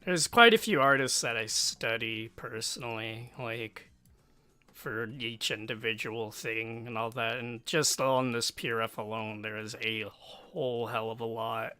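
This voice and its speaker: A man's voice: medium pitch, a little slow, sharp tone, no echo. An American man streaming live while drawing, rambling to himself in a self-mocking, offhand way.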